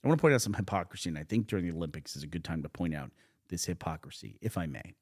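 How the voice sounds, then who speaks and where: A man's voice: deep voice, rapid-fire. A man co-hosting a podcast, telling stories in casual chat and laughing often. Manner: animated storytelling, laughing often, mocking voices for quotes. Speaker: podcast co-host.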